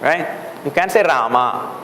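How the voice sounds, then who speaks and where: This Sanskrit teacher has a high voice with lively intonation and a slow pace. Lecturing in a classroom or hall that echoes and carries faint room noise, he patiently explains, repeats words for the class, and poses questions along the way.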